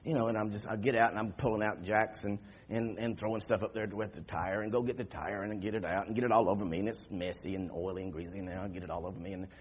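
A man preaching a sermon, telling a story that swings from quiet murmurs to loud shouting. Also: fairly low pitch, fairly even intonation, quick pace, few pauses, breathy edge, dull audio.

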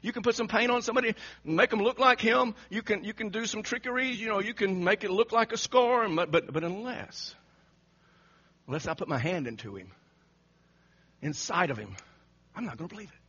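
A man preaching an animated sermon, telling the story dramatically and acting out the quotes with frequent laughter. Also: high-pitched, fairly quick, slightly rough. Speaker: pastor. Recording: muffled lo-fi recording.

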